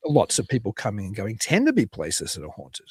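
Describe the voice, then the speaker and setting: A man's voice: lowish voice, wildly swooping pitch, a little fast, darkish tone, breathy edge, no room sound. A man hosting a podcast interview over a video call, talking in a rambling way with dry humor. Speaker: podcast host.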